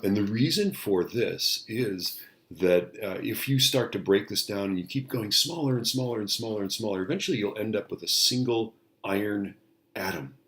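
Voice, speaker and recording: A man's voice: on the low side, fairly bright tone. A man teaching a physics lecture in a casual, rambling way, often checking in with the class and restarting his sentences. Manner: casual, tag questions, many fillers and restarts. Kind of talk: recorded lecture.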